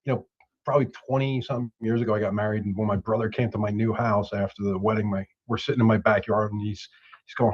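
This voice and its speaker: A man telling a personal story in casual chat on a web show, animated when quoting others. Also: lowish voice, fast talker, husky, muffled recording. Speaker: show participant.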